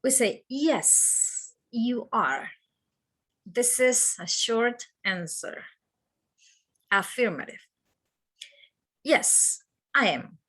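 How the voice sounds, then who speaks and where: Slow, lively woman teaching English. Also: a little high. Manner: repeats example sentences slowly and carefully for learners. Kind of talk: slow English grammar lesson with Spanish explanations.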